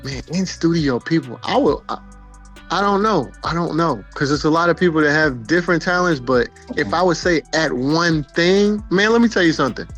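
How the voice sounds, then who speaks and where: A man's voice: on the high side, expressive, normal speed, a bit bright, soft background music. A man, a rapper, talking emphatically in an interview, repeating himself and swearing.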